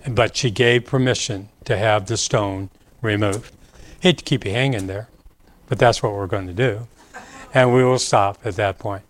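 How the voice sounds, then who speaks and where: A man preaching a sermon, reading scripture and explaining it with slow, emphatic rises in his voice. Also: on the low side, dry recording.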